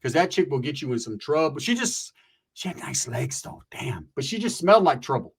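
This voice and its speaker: A man telling a rough personal story in casual, profane street slang, animated and conversational. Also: medium pitch, brisk.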